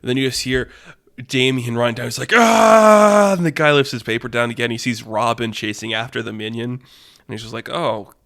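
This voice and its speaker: A young man hosting a podcast, narrating a made-up fight story in a rambling, animated way and laughing at his own jokes. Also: mid-range voice, fast, dry recording, clean studio sound. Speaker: podcast host.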